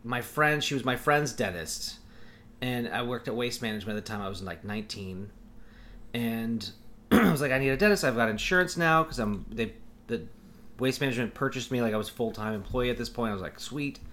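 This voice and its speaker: A man's voice: mid-range voice, brisk, fairly bright tone, a little hiss or hum. A man in his forties, a podcast co-host, telling a rambling, self-correcting story in casual chat.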